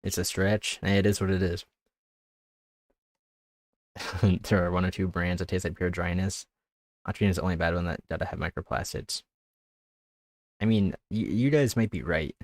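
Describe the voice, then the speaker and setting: A man's voice: deep voice, moderate pace, pauses often, no echo, studio quality. A young man chatting casually while streaming a game, rambling, laughing often and tripping over his words. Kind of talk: casual gameplay commentary. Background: background music.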